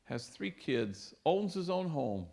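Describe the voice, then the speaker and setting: Gravelly-voiced priest telling stories. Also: male voice, fairly high pitch, sing-song, slow. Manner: warm anecdotal storytelling with Spanish phrases. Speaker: priest and speaker. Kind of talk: storytelling lecture. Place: lecture hall.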